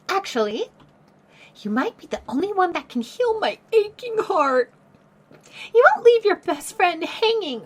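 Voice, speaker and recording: A woman's voice: very high voice, full character voice. A woman voicing a wistful, clingy young woman who speaks in a pleading way.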